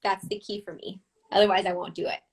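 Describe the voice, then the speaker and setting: A woman guest on a podcast, speaking in a calm, easygoing way in casual chat. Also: mid-range voice, fast talker, gravelly, slightly rough. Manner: calm, easygoing, laughs along.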